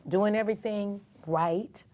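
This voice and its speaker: A woman's voice: medium pitch, measured pace, highs cut off. A woman from Atlanta, a community activist, telling her own story in a casual interview and acting out the voices of other people. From Atlanta, Georgia. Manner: animated storyteller who acts out dialogue.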